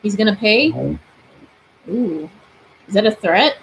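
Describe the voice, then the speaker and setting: Young woman in her twenties, casual streamer who talks to spirits, mid pitch, faint hiss. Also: lively intonation, slow, low-quality recording. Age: 20s. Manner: chatty, asks spirits questions aloud. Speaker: paranormal streamer. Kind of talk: casual live-stream chat. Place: bedroom.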